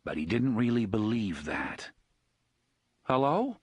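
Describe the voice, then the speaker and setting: A man narrating an audiobook in an expressive reading style. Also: medium pitch, moderate pace, breathy edge, no room sound. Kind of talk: scripted narration.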